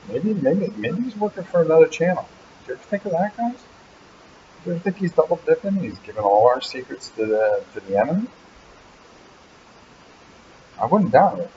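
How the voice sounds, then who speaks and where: A man's voice: a little high, very animated, fast, darkish tone, highs cut off, slight background noise. A man hosting a casual live Q&A from an animal hospital waiting room, teasing and rambling about his helper. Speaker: channel host.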